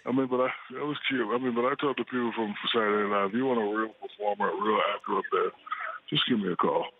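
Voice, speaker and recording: A man in his forties calling in to a talk show, chatting in a relaxed, joking way. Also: on the low side, fast, vocal fry. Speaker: guest. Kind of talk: phone interview. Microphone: phone line. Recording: tinny phone line.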